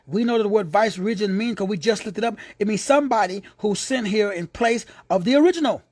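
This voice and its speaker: A man with a Texan accent preaching an informal sermon, playful and slangy, who drops into hushed whispers for asides. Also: sits high, fairly quick, no echo. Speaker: preacher and teacher.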